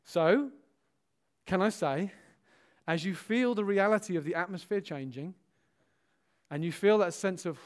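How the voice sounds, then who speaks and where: A man's voice: high-pitched, measured pace, pauses often. A man, a pastor preaching a sermon to his church, telling stories and acting out dialogue, with frequent cries of hallelujah and amen. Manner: animated, exclaims hallelujah and amen; storytelling, acts out quoted dialogue.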